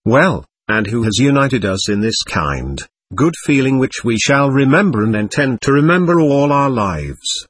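A gentle, earnest young man speaks with heartfelt warmth to the boys around him, as a male narrator reads him. His voice is husky, and it rises and falls with feeling. The recording is dry and close. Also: medium pitch, dry recording. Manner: warm, heartfelt, pleading.

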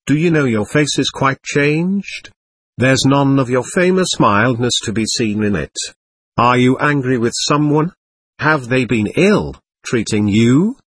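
A man's voice: medium pitch, expressive, measured pace, breathy edge, no room sound. A man reading an audiobook and voicing an ironic, teasing young male seminarian.

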